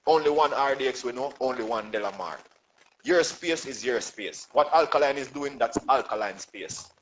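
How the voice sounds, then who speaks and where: A man with a Jamaican accent hosting a casual interview, animated in his delivery. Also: medium pitch, normal speed, slight background noise, rough recording. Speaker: host.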